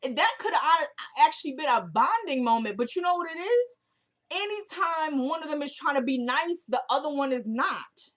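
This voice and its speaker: A woman's voice: high voice, very animated, moderate pace, fairly bright tone. A woman recapping a TV episode in casual chat, emphatic and repeating herself as she retells scenes.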